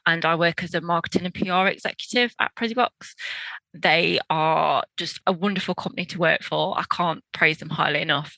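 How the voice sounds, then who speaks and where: A woman in her thirties from the English Midlands with a Midlands accent, a podcast guest chatting warmly and eagerly about her work and home life. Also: sits low, creaky, dry recording, poor audio. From England. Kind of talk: casual interview conversation.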